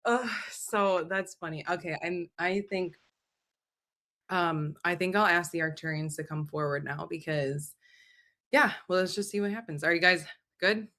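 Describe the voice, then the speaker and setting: Woman host, low-ish bright voice, loose and casual, swears a lot, video call. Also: a little slow. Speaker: host and channeler. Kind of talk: casual live chat. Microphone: video call mic.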